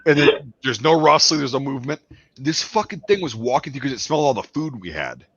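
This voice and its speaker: A man tells a swearing, animated story in loose podcast chat. His voice is bright and forceful, close and dry. The sound is a little dull. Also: medium pitch, brisk, breathy edge, no echo. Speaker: podcast host.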